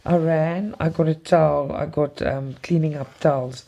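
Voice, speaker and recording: A woman tells a long personal story in an emotional, rambling way, full of restarts. Her voice is gravelly with a lot of fry. Its tone is dark and mellow. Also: sits low, fairly even intonation, normal speed, highs cut off. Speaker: cross-stitch vlogger. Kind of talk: casual storytelling chat.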